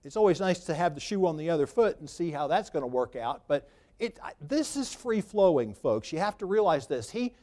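Conversational preacher, fairly high voice. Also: male voice, big pitch swings, brisk, dark tone. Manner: conversational, free-flowing, rises for emphasis. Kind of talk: sermon.

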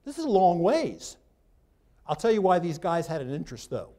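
A man's voice: sits high, big pitch swings, normal speed, warm tone. Man teaching a Bible class. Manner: reads scripture aloud, then adds dry asides; talks loosely, with restarts, while pointing at a map.

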